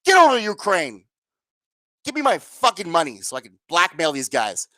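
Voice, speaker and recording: A woman putting on the voice of a gruff, bullying older male politician who barks crude orders. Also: on the low side, wildly swooping pitch, normal speed, a bit bright, dry recording.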